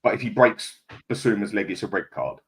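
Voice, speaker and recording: A man's voice: lowish voice, expressive, brisk. A man, a panelist on a fan podcast, talking bluntly and laughing often. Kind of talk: casual chat.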